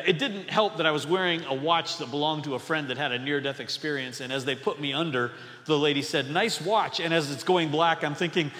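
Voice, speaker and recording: A man's voice: a little high, sharp tone, big-room sound. A man from North Dakota preaching a sermon to his congregation in a casual, conversational way, with joking asides. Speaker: pastor. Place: church sanctuary.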